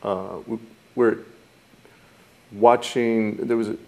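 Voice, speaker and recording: Gravelly-voiced man teaching mindfulness. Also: on the low side, steady tone, slow pace, a little mellow. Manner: thoughtful, acts out quoted reactions. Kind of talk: reflective teaching talk.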